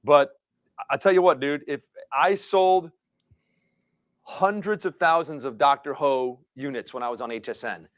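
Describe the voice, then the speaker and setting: A middle-aged man with a slightly high voice, rambling through a story with lots of restarts. The sound is dry and close. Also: normal speed, dry recording. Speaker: co-host. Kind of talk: casual live show banter.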